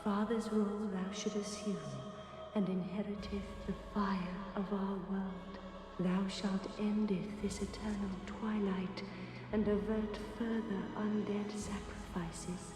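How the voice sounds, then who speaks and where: A woman plays a regal goddess princess in a video game, solemn and pleading, speaking slowly in formal, old-fashioned words. Her voice rings through an echoey hall with a long reverb, and clear game music sits under her lines. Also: medium pitch, flat delivery, close to an everyday voice. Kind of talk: archaic video game dialogue.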